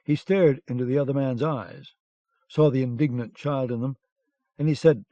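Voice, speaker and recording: Man reading a dark novel aloud. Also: medium pitch, dry recording. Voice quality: measured, dramatic reading. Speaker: audiobook narrator. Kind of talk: scripted audiobook narration. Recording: dull lo-fi cassette audiobook.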